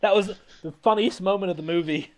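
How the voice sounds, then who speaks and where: Podcast host, male, higher-pitched, rambling comedic recap, laughs a lot. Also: fairly quick. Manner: rambling, laughing often, animated. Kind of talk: casual comedic movie recap.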